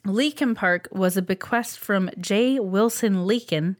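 A woman's voice: mid-range voice, a little slow. A woman co-hosting a casual podcast, reading out researched facts with frequent ums and uhs and laughing easily. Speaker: podcast co-host presenting a researched topic. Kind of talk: casual chat.

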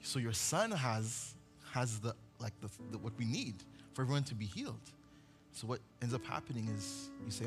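A man's voice: medium pitch, lively intonation, moderate pace, over music. A male pastor preaching a sermon, telling a vivid story and acting out the voices of its characters. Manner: storytelling, acts out voices, builds to impassioned climax.

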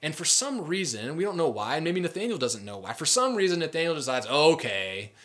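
A young adult man preaching a casual sermon, telling a story in a conversational way and acting out the people in it with lively everyday speech. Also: a little high, quick pace. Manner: conversational, animated, acts out quoted voices with filler words. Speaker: pastor.

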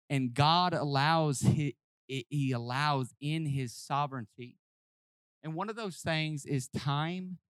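A man preaching a sermon, acting out Bible scenes in voices and swinging from hushed, close talk to shouting. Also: fairly high pitch, clean tone, dry recording. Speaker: pastor. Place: church hall with congregation.

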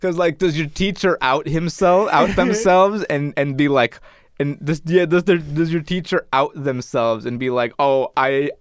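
A man's voice: fairly high pitch, normal speed, no room sound, studio quality. A young man telling rambling, crude jokes in a casual podcast chat. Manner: rambling, crude joking storyteller.

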